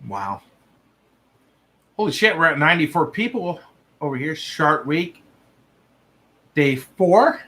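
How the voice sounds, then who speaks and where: A man's voice: on the high side, big pitch swings, slow, long pauses, bright, forceful tone. A young man hosting a livestream, reading viewer stories aloud and breaking off to laugh and swear in reaction.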